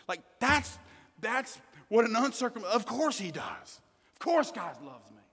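Male preacher, bright high voice, emphatic delivery shifting from quiet to forceful, long reverb of a hall. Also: sing-song, normal speed. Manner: emphatic, swings from hushed to loud. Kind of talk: sermon.

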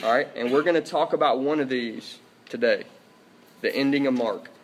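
A man's voice: mid-range voice, normal speed, slight background noise. A man preaching a sermon to a church congregation, emphatic and repetitive, often checking in with his listeners. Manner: emphatic, repeats key phrases, checks in with "Okay?". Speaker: pastor. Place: church service.

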